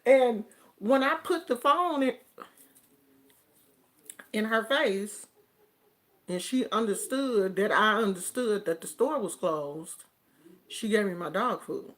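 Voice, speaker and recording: A woman vlogger chatting casually to camera, telling stories in an animated, drawn-out way. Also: mid-range voice.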